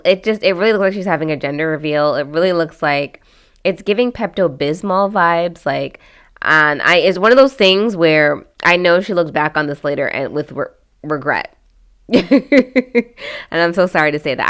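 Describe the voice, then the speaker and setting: A woman with a notably low voice talks through a casual commentary vlog. She is chatty and candid, trailing off and restarting often, with plenty of fillers as she shares frank opinions. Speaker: host.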